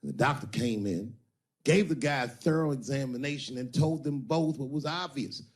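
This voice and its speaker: A male stand-up comedian telling a crude story in a punchy, animated way. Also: mid-range voice, normal speed.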